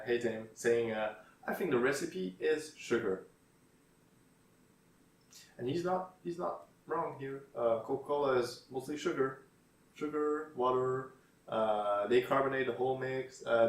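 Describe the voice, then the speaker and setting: A man talking through social media posts in a halting, filler-heavy way, with dry sarcasm. He sits some way back from the mic, and the room adds a noticeable echo. His pitch sits in a middling range for a man. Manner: hesitant, many fillers, dry sarcastic asides. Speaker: YouTuber reading tweets. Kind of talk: casual commentary. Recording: roomy echo, distant mic.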